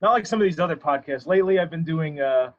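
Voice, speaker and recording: Speaking fast and expressively in a fairly high voice, a man rambles through his stories as a guest on a podcast. The casual interview chat has him laughing at himself often, and the audio is dull and lo-fi.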